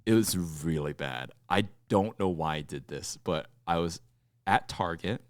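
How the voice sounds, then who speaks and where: A man's voice: low-pitched, a little slow, no room sound, studio quality. A young man co-hosting a podcast, telling an awkward story in casual chat and acting out the dialogue. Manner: animated storyteller, acts out dialogue. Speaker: podcast co-host.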